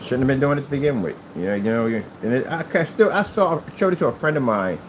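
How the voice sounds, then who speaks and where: A man's voice: mid-range voice, animated, quick pace, a little hiss or hum, rough recording. A man from the United States talking in a rambling, emphatic vlog monologue about his hobby channel. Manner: emphatic, repetitive ranting. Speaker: hobby crafter and channel owner.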